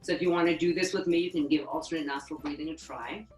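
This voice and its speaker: A woman yoga therapist teaching a calm, instructive webinar lesson and slowly counting breaths for guided breathing practice. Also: low-pitched, reverberant, soft background music, low-quality recording. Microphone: webinar microphone.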